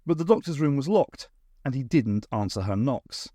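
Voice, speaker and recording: A man reading a novel aloud as an audiobook narrator, in an expressive, measured way. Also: medium pitch, no echo, studio quality. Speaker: audiobook reader.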